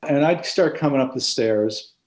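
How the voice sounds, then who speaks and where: A man's voice: mid-range voice, normal speed. A man being interviewed for an oral history, reminiscing in a reflective, hesitant way with many restarts.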